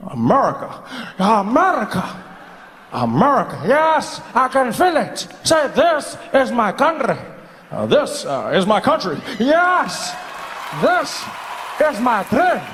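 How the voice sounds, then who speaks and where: A man doing a slow, weighty aged statesman. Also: very high voice, big pitch swings, fairly bright tone, big-room sound, a little hiss or hum, voice pushed up, exaggerated voice. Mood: slow-lecturing. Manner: slow, weighty, measured delivery. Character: aged male statesman, calm and wise.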